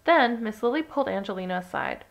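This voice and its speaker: A woman reading a children's picture book aloud with steady, expressive storytelling. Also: mid-range voice, quick pace, gravelly. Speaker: storybook reader.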